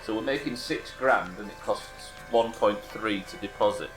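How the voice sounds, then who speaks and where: Speaking over music at a moderate pace, a British man with a fairly low voice streams a driving game. His commentary is casual, full of dry jokes aimed at his viewers.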